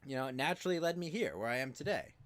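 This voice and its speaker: A man casually telling a profane, rambling story on a livestream, with lively acted quotes and many fillers. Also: mid-range voice, rapid-fire. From California. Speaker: podcast co-host.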